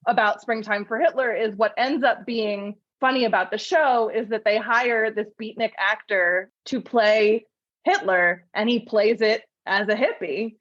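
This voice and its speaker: A woman podcast host in casual chat, telling film trivia in a lively storytelling way with frequent laughs. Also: on the high side, unhurried, no echo, muffled recording.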